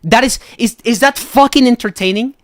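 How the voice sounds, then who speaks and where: A man's voice: very high-pitched, fairly quick, a bit bright, no echo, clean studio sound. A young man live streaming as a beatbox judge, ranting, swearing and mocking people. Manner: mocking, swears, mimics people in silly voices.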